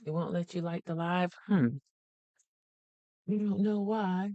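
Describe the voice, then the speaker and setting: A woman's voice: lowish voice, slow pace, dry recording, highs cut off. A woman hosting a live planner stream from home, chatty and greeting viewers by name as she thinks aloud. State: a little out of breath. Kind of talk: casual live-stream chat.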